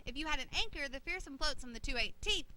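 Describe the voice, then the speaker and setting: A woman's voice: high-pitched, lively intonation, fast, bright, forceful tone, exaggerated voice. A woman voicing a friendly puppet shipmate who patiently explains the lesson to children in a church puppet show. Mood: teaching.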